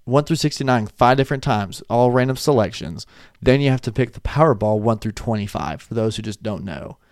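A young man talking casually to a webcam at his desk. He rambles and swears, with laughing asides. His voice sits at an average pitch, and the room sounds dry and close. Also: expressive, brisk, darkish tone, no room sound. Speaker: vlogger. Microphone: desk webcam setup.

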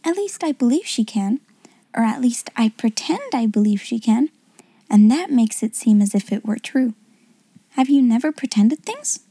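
A woman's voice: a little high, lively intonation, moderate pace, husky, dry recording. Sarah, a woman whispering as a clever little girl. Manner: soft, hushed, wondering. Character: clever imaginative young schoolgirl, gently earnest. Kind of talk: whispered role-play.

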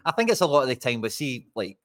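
A Scottish man co-hosting a football podcast, chatting quickly with a dry, close sound. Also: mid-range voice, big pitch swings, no room sound. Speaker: podcast co-host. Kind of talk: casual football chat.

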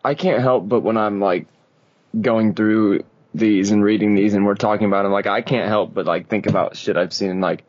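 Low-voiced deadpan podcast guy. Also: moderate pace, lo-fi sound. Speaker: podcast co-host. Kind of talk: casual podcast chat.

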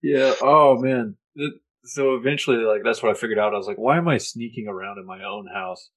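A man chatting casually with his siblings, relaxed and agreeable, laughing often. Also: medium pitch, a little fast. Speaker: brother in a family chat. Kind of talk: casual chat.

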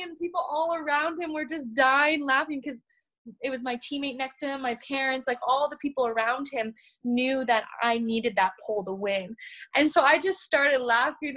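Animated young woman telling stories. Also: high-pitched, moderate pace. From Canada. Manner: animated, laughs often while telling stories. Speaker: guest, pole vaulter. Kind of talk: podcast interview storytelling.

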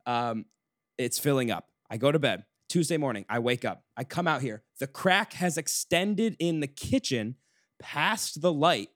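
Young male podcast host, mid-range voice, dry close sound, animated storyteller who swears freely. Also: mid-range voice, unhurried, no echo. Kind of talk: casual chat.

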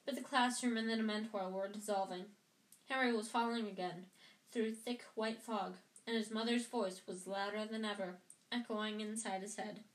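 A woman's voice: medium pitch, fairly even intonation, normal speed. A woman reading a novel aloud casually at home, sometimes stumbling and rereading lines. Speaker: audiobook reader. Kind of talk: amateur book reading. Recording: roomy echo.

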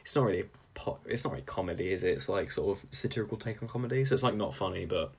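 A man's voice: deep voice, expressive, very fast, gravelly, husky. A young man co-hosting a comedy podcast, rambling and self-deprecating with lots of fillers. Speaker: podcast co-host. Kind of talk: casual comedic chat.

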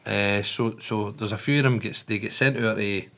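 A man's voice: on the low side, steady tone, normal speed, bright, forceful tone. A man telling a story in casual podcast chat, rambling and swearing with many restarts.

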